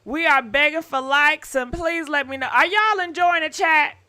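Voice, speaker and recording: High, bright-voiced woman hosting a call-in show. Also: normal speed. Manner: chatty, apologetic, calls out to callers. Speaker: host. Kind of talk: live call-in gossip show.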